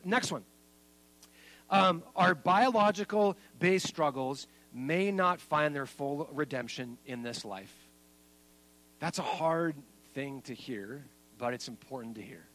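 A man preaching a sermon as pastor, making points with lively emphasis. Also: slow, low-quality recording. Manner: lively and emphatic, then soft and low at the close.

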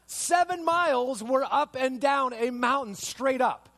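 High-voiced pastor telling a sermon story. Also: male voice, slow pace, few pauses. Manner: animated storytelling, repeated rhetorical questions.

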